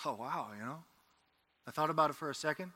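A man's voice: a little high, quick pace. A man, a Catholic priest, preaching a homily full of jokes and stories to his congregation, wearing an ear-worn headset mic in a church. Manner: animated, joking with the congregation.

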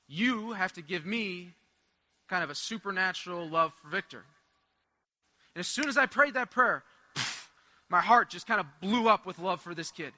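Young male preacher, high and very bright tone, animated storyteller. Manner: animated storytelling with laughs and asides. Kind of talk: sermon with personal story.

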